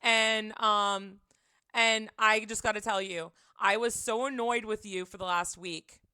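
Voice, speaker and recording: A woman's voice: medium pitch, fairly even intonation, unhurried, bright, forceful tone, clean tone, dry recording, studio quality. A young woman livestreaming, casually telling a rambling personal story full of filler words. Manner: chatty, rambling, lots of "like" fillers.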